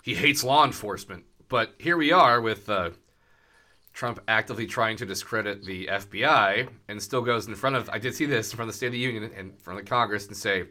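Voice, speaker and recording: A man co-hosting a casual podcast talks politics in a sardonic, rambling way. His voice is bright and forward, and he often stops to restart a thought. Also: fairly low pitch, a little fast. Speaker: podcast co-host.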